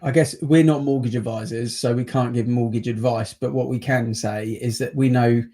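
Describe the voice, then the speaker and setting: A man's voice: medium pitch, fairly even intonation, normal speed, warm tone. A man hosting a casual property chat on a video call, chatty and teasing. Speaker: podcast host, estate agent.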